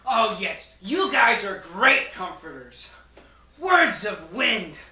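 Job, an afflicted man crying out in anguish, played by a man in a stage play. The voice is slow and bright, heard from far off in an echoey room with faint noise. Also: high voice, very animated, full character voice. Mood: bitter.

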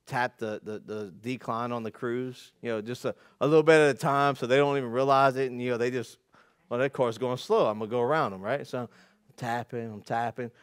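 A man preaching a conversational sermon, telling stories with folksy self-deprecating humor, dropping to quiet asides and climbing to loud, emphatic peaks. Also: mid-range voice, steady tone, a little fast, clean tone, no echo, studio quality. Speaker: pastor.

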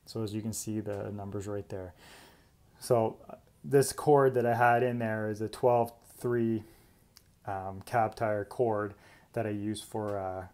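A man's voice: on the low side, fairly even intonation, a little slow, a little mellow. A man, an electrician giving a casual, chatty tool demonstration indoors in an old house and explaining each step.

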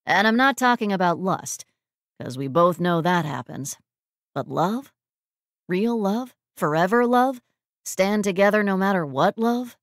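A woman's voice: mid-range voice, animated, unhurried, no room sound, clean studio sound. A woman voicing a dramatic, emotional young man who is head over heels in love. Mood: gushing.

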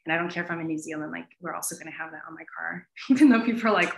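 A woman talking as an academic guest in an animated interview, with plenty of fillers. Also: lowish voice, very fast, creaky. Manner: animated, many fillers like "you know". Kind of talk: conversational interview answer. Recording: roomy echo.

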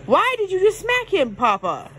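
A woman's voice: very high voice, huge pitch swings, moderate pace, a bit bright, a little hiss or hum. A woman, scolding her dogs in a playful, exasperated way at bedtime at home. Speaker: pet owner. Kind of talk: home video vlog.

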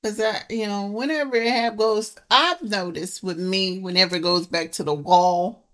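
A woman hosting a reaction video, talking casually with loud emphatic exclamations. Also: medium pitch, normal speed.

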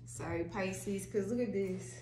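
A woman's voice: mid-range voice, unhurried, warm tone. A woman giving a casual tarot reading straight to her viewers, chatty and loose, swearing and laughing freely. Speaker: tarot reader. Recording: echoey room with faint noise.

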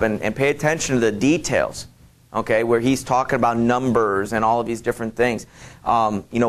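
Hesitant male teacher lecturing. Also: mid-range voice. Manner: hesitant, full of fillers and restarts, addresses students directly. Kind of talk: classroom lecture.

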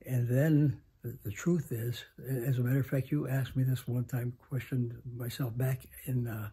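A man in his nineties telling a story slowly, halting with many pauses and restarts. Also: mid-range voice, fairly even intonation, warm tone, slightly rough. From United States. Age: 90s. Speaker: interview guest. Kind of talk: reflective storytelling. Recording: home interview.

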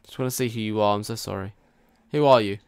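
Smooth-voiced young man streaming. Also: lowish voice, fast talker, a little mellow, dry recording. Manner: chatty, jokey, talks to viewers. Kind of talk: live stream game commentary.

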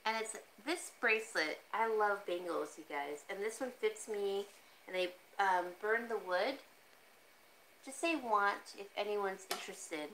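The audio is poor, with slight background noise, as a woman with an unhurried, somewhat bright voice sells jewelry on a casual live stream from home. She gets sidetracked easily, laughs a lot, and talks to her cat in a high, coaxing tone.

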